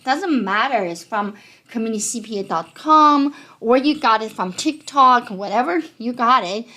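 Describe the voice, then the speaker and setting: A woman accountant with a non-native accent, giving a conversational, animated talk to explain tax scams. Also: fairly high pitch. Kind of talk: educational talk.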